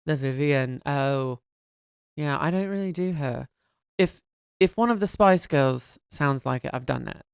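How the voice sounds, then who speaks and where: A man's voice: mid-range voice, a little slow, gravelly, clear, resonant tone, no echo, studio quality. A man co-hosting a podcast, talking in a campy, playful, theatrical way in casual comedic chat. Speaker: podcast co-host.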